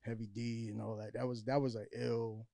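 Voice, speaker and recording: A man's voice: mid-range voice, flat delivery, moderate pace, vocal fry, dark tone, no room sound. A man from Brooklyn with a New York accent, telling stories as a podcast guest in a laid-back, slangy way. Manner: laid-back storyteller, street slang like "ill". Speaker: guest filmmaker. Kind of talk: casual interview chat.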